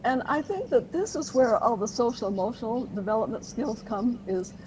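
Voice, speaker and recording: Woman explaining parenting stuff, kinda high voice, earnest teacher vibe, noisy recording. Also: expressive, moderate pace, a little mellow. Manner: earnest, teacherly, laughs lightly at times. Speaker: parenting expert guest. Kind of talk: explanatory interview answers.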